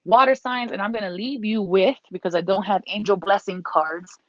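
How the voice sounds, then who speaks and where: A woman's voice: mid-range voice, moderate pace, background noise. A woman giving a casual tarot reading. She is encouraging and repeats herself, and now and then she breaks off to scold her dog. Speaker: tarot reader. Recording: dull lo-fi dry recording.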